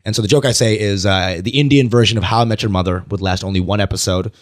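A man who works as a stand-up comedian, telling stories in casual podcast chat, animated and laughing often, with plenty of swearing. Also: fairly low pitch, fast talker.

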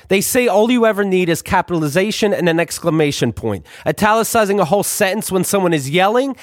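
A man's voice: high voice, no room sound, studio quality. A man reading his own book aloud in a sarcastic, ranting, profane way, throwing in asides to the listener.

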